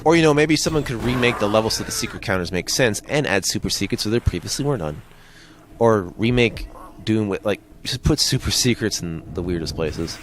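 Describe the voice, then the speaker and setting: A man with a Midwestern American accent talks over his gameplay in a loose, rambling way, drifting from joke to tangent. His voice sits fairly low. A faint hum sits under him. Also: lively intonation, a little fast. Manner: rambling, jokey, wanders off on tangents. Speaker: let's play host. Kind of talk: casual gameplay commentary.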